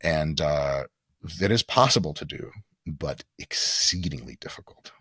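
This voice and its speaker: A man, a podcast guest, telling joking stories in an animated, profane way. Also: very deep voice, a little slow, breathy edge, no room sound, studio quality. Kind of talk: casual comic storytelling.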